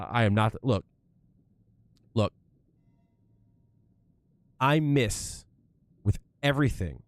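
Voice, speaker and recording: A man's voice: lowish voice, a little mellow, no room sound. A young man chatting casually to his livestream viewers, swearing freely and getting worked up into rants.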